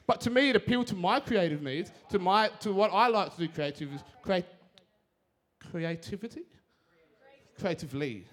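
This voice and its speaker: A young man giving a casual, energetic sermon, talking fast with slang. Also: sits high.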